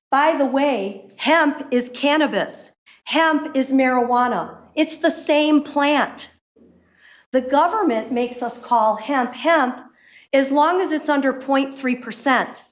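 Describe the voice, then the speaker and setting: A woman giving an impassioned public comment at a council meeting as a hemp business owner, emphatic and quick. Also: high-pitched. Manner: impassioned, emphatic, fast-talking. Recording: echoey meeting room.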